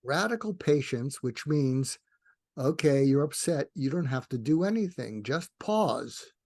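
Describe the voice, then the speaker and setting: An older man, a retired psychiatrist, talking as a podcast guest, explaining in an animated way with frequent restarts. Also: mid-range voice, measured pace, dry recording, clean studio sound. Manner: animated, acts out dialogue in varied voices, frequent restarts. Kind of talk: conversational interview explanation.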